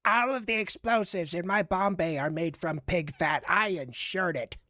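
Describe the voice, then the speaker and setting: An actor voicing a cocky, crude male bomber plane in an animated skit, full of smug wisecracks. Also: high-pitched, normal speed, dry recording, clean studio sound.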